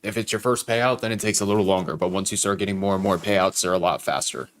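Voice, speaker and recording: A young man hosts a live trading stream, casually explaining his trades to chat with some profanity. His voice sits low and he talks quickly.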